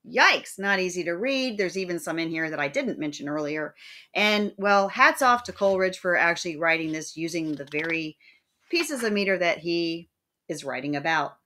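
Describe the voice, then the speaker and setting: Woman, lecturer: clear, explanatory teaching read with a sing-song rhythm on the verse examples. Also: fairly low pitch, lively intonation, normal speed, sharp tone. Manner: plain explanatory delivery. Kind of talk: recorded lecture.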